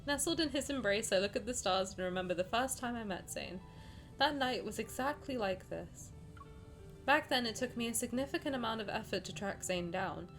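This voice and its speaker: An effusive woman streamer with a fairly high voice reads a game's story aloud and gushes over it. She talks emotionally and laughs often, with soft game music playing behind her. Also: animated, fairly quick.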